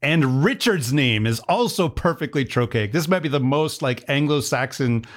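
A man's voice: mid-range voice, lively intonation, moderate pace. Nerdy, playful male podcast co-host. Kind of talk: casual chat.

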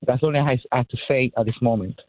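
A male caller with a non-native English accent, speaking haltingly and emotionally on a call-in radio show, with many restarts. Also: medium pitch. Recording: tinny phone line.

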